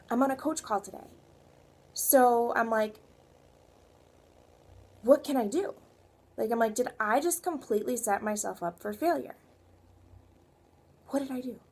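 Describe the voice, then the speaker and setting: A young woman coaching her viewers in a motivational vlog. Her voice sits a little high, and she talks earnestly, wandering and circling back, then pressing her points with emphasis. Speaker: fitness coach.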